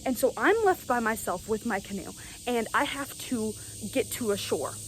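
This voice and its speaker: A young woman telling a story to camera in a casual, animated way, often checking in with "right?". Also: fairly high pitch, normal speed, a little hiss or hum, low-quality recording. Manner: animated, keeps asking "right?". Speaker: vlogger.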